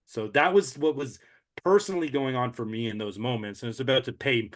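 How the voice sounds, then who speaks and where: A man's voice: medium pitch, fairly quick. A man earnestly and emotionally recounting a breakthrough moment during an ultramarathon, in a reflective, conversational way. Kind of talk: casual conversational recap.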